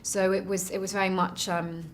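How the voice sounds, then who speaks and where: A woman's voice: medium pitch, level tone, normal speed, slight background noise. A woman, an actress, answering interview questions about her role in an earnest, reflective way as she searches for words. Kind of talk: press junket interview.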